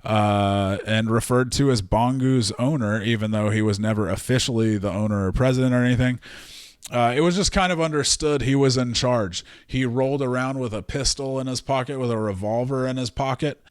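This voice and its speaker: A man's voice: medium pitch, brisk, clear, resonant tone, no room sound, studio quality. A man hosting a podcast, telling a story casually with lots of fillers and swearing. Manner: profane, animated storyteller with many fillers. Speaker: podcast host.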